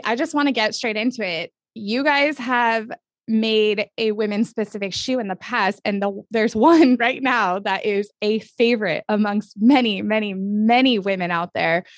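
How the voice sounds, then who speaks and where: A woman hosting a podcast interview, gushing and enthusiastic, talking in quick bursts with frequent laughs. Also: on the high side, no room sound. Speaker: podcast host. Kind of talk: upbeat casual interview.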